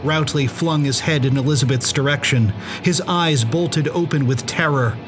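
A man reading a suspenseful story aloud as narrator, in a measured audiobook style. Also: fairly high pitch. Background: music.

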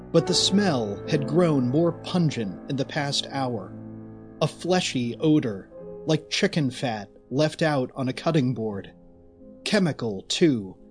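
A man narrating a scripted audio story in a deliberate, storytelling manner. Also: medium pitch.

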